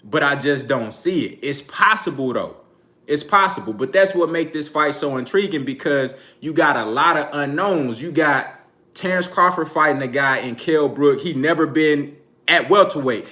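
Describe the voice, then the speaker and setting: A man in talks boxing on a live stream in a loose, slangy, laid-back way, often breaking into laughter. His voice sits a little high and rings very bright. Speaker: boxing channel host. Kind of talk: casual live-stream commentary.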